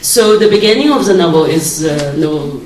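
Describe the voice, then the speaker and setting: A woman from China talks on stage in plainly Chinese-accented, broken English, restarting her sentences often. Her voice sits a little low and is heard from a distance across a large, echoing event hall. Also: lively intonation, normal speed, a little mellow. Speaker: writer and guest speaker. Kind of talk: public talk on stage. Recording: roomy hall, speaker far from the mic.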